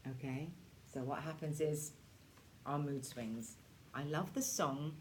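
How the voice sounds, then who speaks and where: A woman in her forties leading a casual self-care workshop for teens, chatty and reassuring, slipping into quick voices to act out moods. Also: low-pitched, slight background noise. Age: 40s. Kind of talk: casual teaching talk to teens.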